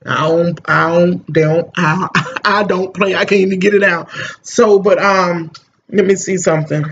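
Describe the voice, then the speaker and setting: A middle-aged mother who vlogs about parenting talks casually to the camera in a fairly low, fairly even voice at normal speed. She is emphatic and rambling, often repeating "you know what I'm saying." The audio has its highs cut off and slight background noise.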